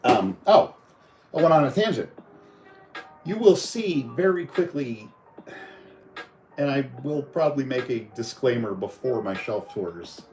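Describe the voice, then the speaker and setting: Rambling man with a lively voice. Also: medium pitch, measured pace, long pauses, music in the background, low-quality recording. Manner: rambling and chatty, with fillers and laughs. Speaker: toy reviewer. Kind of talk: casual live-stream toy review.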